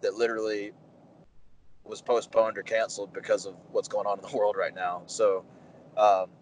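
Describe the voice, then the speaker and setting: Interview guest, man in his 30s, lowish voice, lively storyteller who acts out quotes. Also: normal speed, a little hiss or hum, poor audio. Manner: animated anecdotes, acts out quoted dialogue, many fillers. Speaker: pro wrestler, interview guest.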